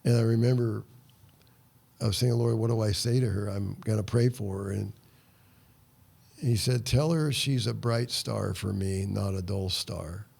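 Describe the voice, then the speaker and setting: Older man, gravelly voice, low-pitched, earnest storytelling testimony. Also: steady tone, measured pace, a little mellow. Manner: earnest, acts out his prayers as dialogue. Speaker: guest, ministry founder.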